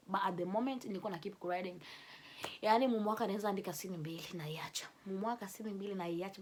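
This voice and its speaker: A young woman telling a personal story to camera in a casual, animated way, often laughing. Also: mid-range voice. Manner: animated, laughing, switches between English and Swahili. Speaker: vlogger telling her love story.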